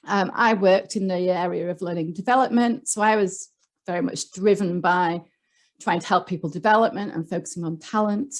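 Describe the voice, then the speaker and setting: A woman's voice: lowish voice, fairly even intonation, normal speed. A woman with a Yorkshire accent, speaking as a guest on a leadership panel, explaining ideas earnestly with frequent ums and small restarts. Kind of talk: online panel talk.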